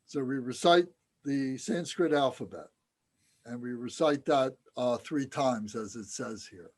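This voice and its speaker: A man's voice: mid-range voice, unhurried. Man teaching and chanting syllables. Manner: conversational, self-deprecating, slips into chanting syllables. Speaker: dharma teacher. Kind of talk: informal teaching with chanted recitation.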